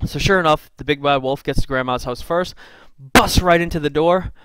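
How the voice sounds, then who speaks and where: Guy retelling a kids story, casual and jokey, kinda high voice, dry close sound. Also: moderate pace, fairly bright tone, clean tone, dry recording. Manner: chatty and playful, full of asides. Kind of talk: casual comic retelling of a fairy tale. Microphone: screen recording with a computer mic.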